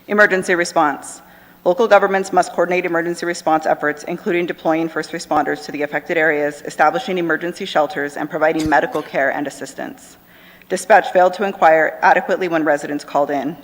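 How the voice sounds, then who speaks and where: Woman advocate, quick formal statement, reverberant chamber. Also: sits low. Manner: formal, brisk, reads a list. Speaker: community advocate. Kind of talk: reading a prepared public comment. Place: council chamber. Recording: long hall reverb.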